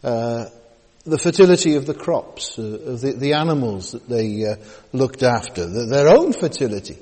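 Halting preacher in an echoing hall. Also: male voice, mid-range voice, expressive, warm tone, husky. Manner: halting, many fillers and repeated words, folksy asides. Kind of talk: sermon. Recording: long hall reverb.

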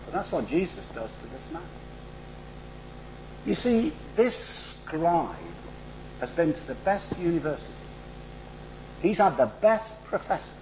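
A middle-aged man with a northern English accent preaches in church, his fairly high voice swooping animatedly. He keeps a conversational, wry tone with asides. Then he builds to emphatic, rhythmic runs, and a faint hum sits behind him. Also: a little slow, pauses often. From northern England. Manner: animated, rising to emphatic rhetorical build-ups. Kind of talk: sermon.

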